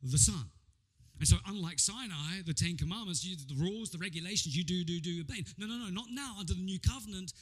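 A man preaching a sermon as pastor, telling Bible stories with animated energy and frequent stammered repeats. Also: high-pitched, quick pace.

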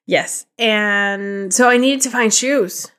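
A woman's voice: mid-range voice, slow pace, fairly bright tone. A young woman co-hosting a podcast, telling a rambling story in casual chat, full of fillers and acted-out quotes. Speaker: podcast co-host.

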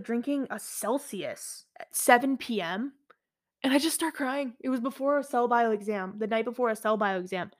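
A woman of twenty-one hosting her own podcast, talking candidly and chattily about her own experiences, with plenty of fillers. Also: fairly high pitch. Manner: candid, chatty, animated storytelling with many fillers. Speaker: podcast host. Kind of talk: solo podcast monologue.

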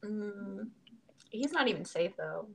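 Lively, teasing young woman. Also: medium pitch, slow pace, slight background noise. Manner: teasing, laughs often, lively banter. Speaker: podcast co-host. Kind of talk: casual book-club chat.

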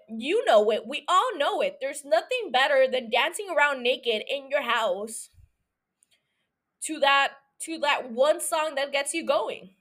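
Hosting a podcast on her own, a young woman rambles through a profane, giggly rant that leaps from one thought to another. Her voice is high-pitched with a fairly bright tone.

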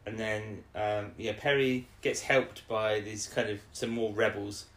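A woman recapping an episode in casual chat with a co-host, rambling along and now and then putting on quick voices for the characters. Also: very deep voice, steady tone. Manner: rambling recap with brief put-on quoted voices. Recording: echoey room.

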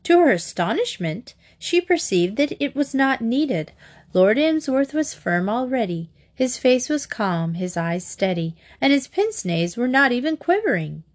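A woman narrating a comic novel in a wry, expressive audiobook reading. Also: on the high side, a little slow.

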